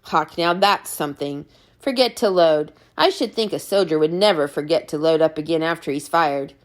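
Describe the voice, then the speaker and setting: A woman voicing an older Scottish man who asks blunt, scoffing questions in a gruff Scottish dialect. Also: low-pitched, moderate pace, natural voice.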